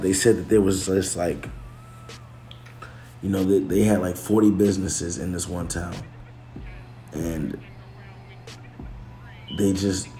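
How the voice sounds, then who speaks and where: A man's voice: low voice, mellow, a little hiss or hum. A man talking casually to camera, loose and slangy, swearing, restarting and correcting himself as he goes. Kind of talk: casual chat. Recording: echoey room.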